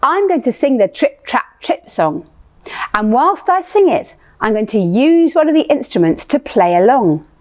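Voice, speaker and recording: A woman's voice: a little high, a little mellow. A woman leading a playful music lesson for young children, asking sing-song questions.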